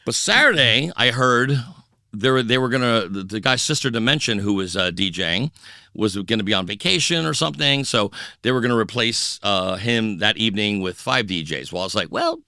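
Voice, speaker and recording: A middle-aged man, a DJ guest on a podcast, telling stories in a casual, animated way and acting out the voices of the people in them. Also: on the low side, fairly quick, no room sound, studio quality. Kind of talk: casual storytelling interview.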